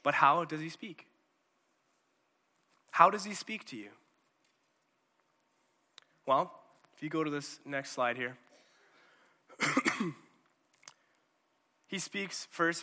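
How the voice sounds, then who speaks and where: A man preaching a sermon in a conversational, animated way, often checking in with his listeners. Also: on the high side, slow pace, long pauses, big-room sound.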